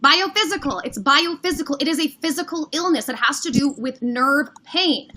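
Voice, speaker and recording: A woman's voice: high-pitched, moderate pace, fairly bright tone. A woman with a Midwestern American accent arguing heatedly on a livestream, talking over the other person with sarcasm. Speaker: livestream debater.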